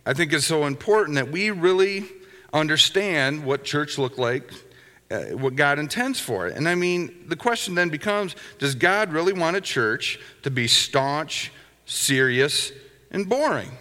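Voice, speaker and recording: A man's voice: on the high side, animated, measured pace, sharp tone. A middle-aged male pastor preaching a conversational sermon, telling anecdotes with chuckling asides. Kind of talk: sermon with storytelling. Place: church sanctuary. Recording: long hall reverb.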